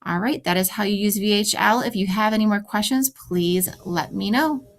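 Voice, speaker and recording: A woman with a medium-pitched voice, speaking at normal speed, narrates a screen-recorded tutorial for her French class. She leads students through each click and keeps her advice practical and encouraging.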